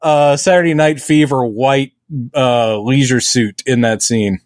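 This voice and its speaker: Animated man with a dry close sound. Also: medium pitch, unhurried, no echo. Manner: animated, acts out quotes in silly voices. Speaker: podcast co-host. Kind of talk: casual chat.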